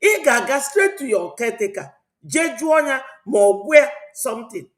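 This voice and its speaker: A woman's voice: on the high side, sing-song, normal speed. A woman from Southeast Nigeria with an Igbo accent hosts a political commentary vlog, talking in a rambling, preachy way. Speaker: channel host. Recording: roomy echo.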